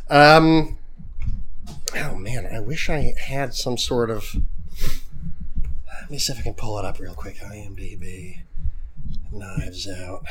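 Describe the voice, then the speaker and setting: A man's voice: on the low side, takes it slowly, long pauses, a crowd in the background. A man hosting a podcast with his father, chatting casually and joking in a mock-hurt, self-deprecating way. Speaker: podcast host.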